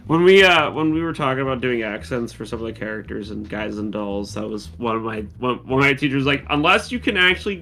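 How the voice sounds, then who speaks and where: A man's voice: mid-range voice, brisk, a bit bright, soft background music. A man co-hosting a casual movie-review podcast, joking and swearing casually.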